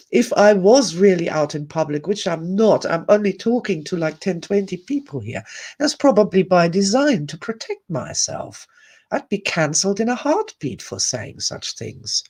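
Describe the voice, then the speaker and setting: A woman with a husky, fairly low, sing-song voice hosts a live online talk, speaking slowly. She muses earnestly and reads viewer comments aloud in a reflective livestream monologue, laughing softly between thoughts.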